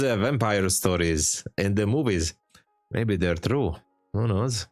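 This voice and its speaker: A man's voice: on the low side, animated, takes it slowly, darkish tone, no room sound, studio quality, soft background music. A man from Hungary with a Hungarian accent, chatting casually and joking on a trading live stream. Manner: joking, chatty, laughs often. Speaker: livestream trader.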